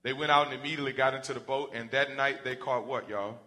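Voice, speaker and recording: Man preaching a sermon, animated, acts out Bible characters, bright forceful tone. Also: medium pitch, quick pace.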